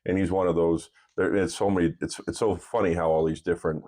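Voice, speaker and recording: A man with a very low voice chats casually on a podcast. He rambles through stories, laughs easily and slips into playful voices. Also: fairly even intonation, fast talker, mellow. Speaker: podcast host. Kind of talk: casual chat.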